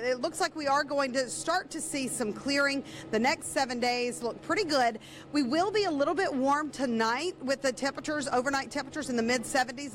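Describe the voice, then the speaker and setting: A woman with a high voice delivers a chatty TV weather forecast. There is a faint background hiss. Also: fairly bright tone.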